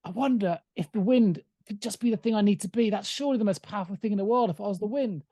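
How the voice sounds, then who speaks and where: Poor stonecutter, always wanting more; a man reading it, mellow tone, dry sound, no staging. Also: high-pitched, fast, no echo, voice pushed up. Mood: wistful. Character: poor male stonecutter, ever wishing for more power.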